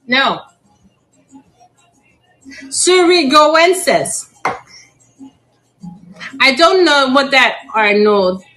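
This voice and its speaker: A woman's voice: sits high, very animated, drawn-out words, pauses often, bright, forceful tone, faint music behind, poor audio. A middle-aged woman hosting a casual live plant sale. She chats, giggles often and stumbles over plant names, sometimes spelling them out. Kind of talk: casual live-auction chat.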